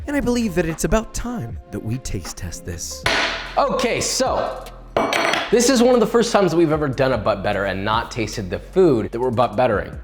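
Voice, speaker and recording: A young man hosting a casual cooking video, talking in a playful, jokey, animated way. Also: mid-range voice. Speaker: cooking show host.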